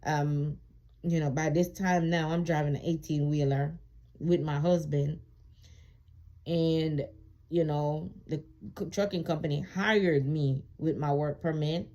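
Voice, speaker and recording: Slow, low-voiced woman telling her story. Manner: emphatic, colloquial, repeats phrases for emphasis; animated when reliving indignation. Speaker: vlogger sharing her immigration experience. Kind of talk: casual personal storytelling.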